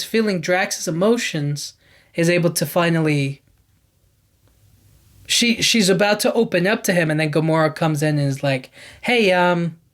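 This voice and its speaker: A man hosting a podcast, casually recapping a movie in a rambling, enthusiastic way, filling his talk with "like" and "you know what I mean". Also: fairly high pitch. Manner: enthusiastic about scenes. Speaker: podcast host.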